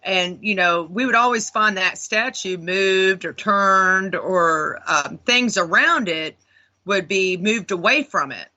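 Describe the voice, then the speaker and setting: Bright-voiced woman telling a ghost story. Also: medium pitch, takes it slowly, dull audio. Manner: rambling, animated retelling with lots of fillers. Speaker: paranormal investigator guest. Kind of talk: casual storytelling on talk radio.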